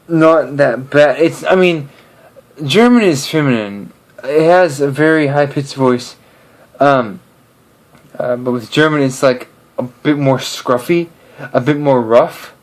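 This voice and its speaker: A man chatting casually to camera in a hesitant way, full of fillers and restarts. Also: mid-range voice.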